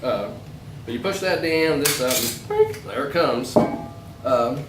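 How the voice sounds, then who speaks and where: A man chatting casually as co-host of a gun show. He rambles a bit and slips into quoting people as he tells a story. His voice sits a little high, and he sounds distant in an echoey space with faint noise behind. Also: expressive, slow pace. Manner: rambling, storytelling with acted quotes. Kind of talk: casual chat.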